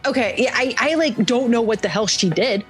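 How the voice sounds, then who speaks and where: A woman's voice: fairly high pitch, fairly quick, faint music behind. A young woman chatting casually on a podcast, telling stories animatedly and acting out quotes with laughter. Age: young adult. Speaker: podcast guest. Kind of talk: casual chat.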